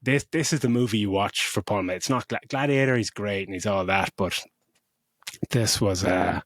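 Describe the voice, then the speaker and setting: Fairly low-pitched and speaking at normal speed, a middle-aged man gushes over a film while co-hosting a podcast. He swears freely and retells it with animation, and the sound is clean studio audio without room sound.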